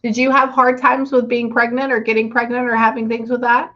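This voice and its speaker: A woman's voice: on the high side, little pitch movement, brisk, lo-fi sound. A woman psychic medium in a casual reading session, relaying messages and often saying "okay" and "hang on".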